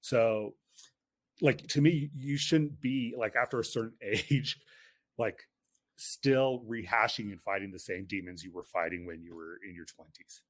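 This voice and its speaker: A man's voice: on the low side, measured pace. A man in his late forties, a guest on a podcast, talking earnestly and reflectively in casual conversation. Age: late 40s. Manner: earnest, reflective, often agrees.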